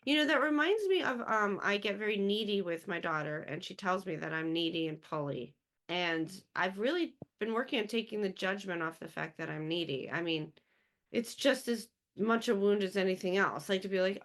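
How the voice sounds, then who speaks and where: A woman guiding the conversation like a therapist, asking gentle reflective questions. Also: lowish voice, normal speed, vocal fry.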